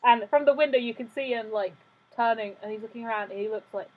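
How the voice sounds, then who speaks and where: A woman running a tabletop game, narrating in a relaxed way with plenty of fillers. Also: on the high side, fast talker, narrow, tinny audio. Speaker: game master.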